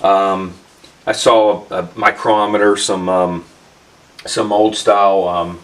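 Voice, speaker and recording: A man's voice: low-pitched, level tone, takes it slowly, far from the mic. A man hosting a casual vlog, telling a story in a rambling way with many fillers and restarts in his workshop. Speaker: channel host.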